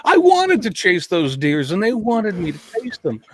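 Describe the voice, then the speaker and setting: A man voicing a dim, excitable herding dog who talks back to its owner in a goofy, defensive way. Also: sits high, normal speed, no room sound, pitched above the performer's own voice, full character voice.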